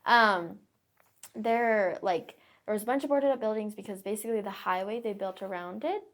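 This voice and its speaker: Young woman, podcast guest. Chatty and filler-heavy, with a gravelly edge. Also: medium pitch, normal speed. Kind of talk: casual storytelling interview.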